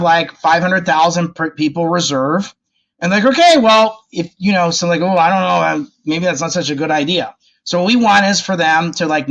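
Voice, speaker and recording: A man speaking as a guest expert in a podcast interview, animated and informal, acting out quoted remarks. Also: fairly high pitch. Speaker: guest, development policy expert. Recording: dull lo-fi audio.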